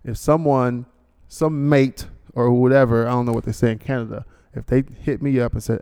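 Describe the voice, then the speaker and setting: A man's voice: medium pitch, fairly even intonation, normal speed, dark tone, clean tone. A male podcast host, talking casually alone and rambling through a sponsor read with joking asides and many restarts. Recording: long hall reverb.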